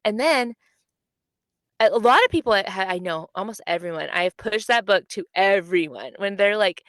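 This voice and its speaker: Smooth-voiced woman telling animated stories. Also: moderate pace, no room sound. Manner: animated storytelling, acts out quotes with big pitch jumps. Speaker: podcast co-host. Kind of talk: casual chat.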